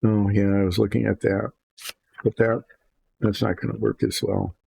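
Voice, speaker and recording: Gravelly low-voiced man, rambling. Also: flat delivery, normal speed, mellow, no echo. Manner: rambling, self-deprecating, indecisive. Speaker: miniature painting host. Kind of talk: relaxed hobby chat while painting.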